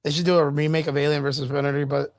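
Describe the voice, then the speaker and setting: A man's voice: on the high side, level tone, racing, no echo. A man co-hosting a casual streamed chat show, joking loosely and swearing, with lots of "dude" and "bro". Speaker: podcast co-host. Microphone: streaming mic.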